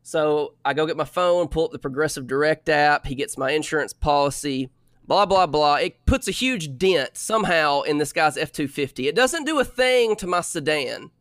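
A young man telling a story in casual chat, animated and exasperated. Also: on the high side, normal speed, no room sound, clean studio sound.

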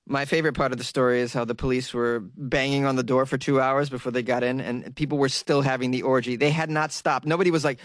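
A man's voice: mid-range voice, steady tone, quick pace, hardly any pauses, dry recording, clean studio sound. A man hosting a podcast, riffing sarcastically on odd news stories and laughing at his own jokes. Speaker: podcast host. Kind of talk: comedic news commentary podcast.

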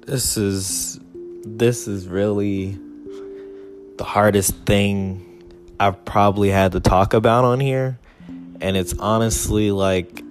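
A man hosting a podcast, ranting casually and profanely, his voice jumping high when he gets heated as he paces a small room. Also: steady tone, slow, long pauses, faint music behind. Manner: profane, heated ranting with big pitch jumps. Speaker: podcast host. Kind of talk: casual solo rant. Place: small room with door closed.

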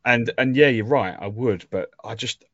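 A man's voice: mid-range voice, normal speed, dry recording, dull audio. A young adult man co-hosting a podcast in casual chat, rambling and self-deprecating about being an emotional fan. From England. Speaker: podcast co-host.

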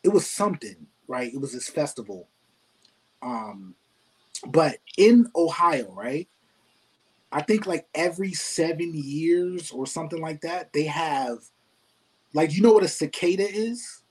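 A man, a rapper guest, telling a story in casual chat, animated and laughing often, repeating himself. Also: a little high, unhurried, husky, poor audio.

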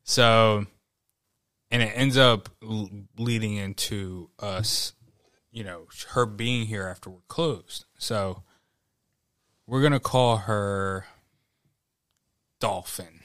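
A man's voice: lowish voice, takes it slowly, long pauses, fairly bright tone, clean tone, no echo. A man in casual podcast chat, telling a work story with lots of swearing, laughter and acted-out quotes. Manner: profane, laughing storyteller who acts out quotes. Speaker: podcast guest.

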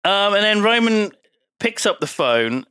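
A man co-hosting a podcast, recapping a film in casual, sweary chat with low-voiced asides. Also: sing-song, measured pace, sharp tone, clear, resonant tone, no echo, clean studio sound. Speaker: podcast co-host.

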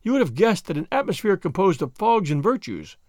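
A man's voice: high-pitched, very animated, fairly quick, a little mellow, no room sound, clean studio sound. A man reading a story, voicing a witty, bored young French noblewoman with a gay, teasing manner. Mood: arch, teasing. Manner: gay, teasing, airy delivery.

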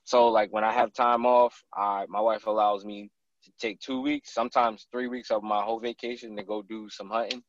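A man telling hunting stories in casual chat as a podcast guest, animated and acting out the lines of others. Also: lowish voice, moderate pace, lo-fi sound, background noise. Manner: animated storyteller who acts out others' lines.

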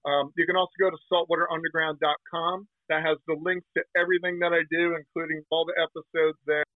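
A man's voice: a little high, little pitch movement, no echo. Brash man on a tinny phone line. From New Jersey. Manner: brash, slangy, talks in quick bursts. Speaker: guest, fishing TV host. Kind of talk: casual interview.

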